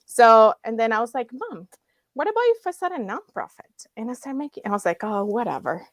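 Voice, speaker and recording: Woman guest, 30s, lively storyteller acting out voices, higher pitch, dry close sound. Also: a little fast, no echo. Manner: animated, acts out dialogue, laughs often. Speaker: guest, nonprofit founder. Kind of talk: emotional storytelling in conversation.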